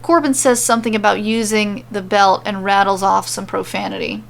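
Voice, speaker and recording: A woman podcaster reading fan fiction aloud in a steady, lightly wry narration. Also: medium pitch, moderate pace, gravelly. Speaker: podcast storyteller.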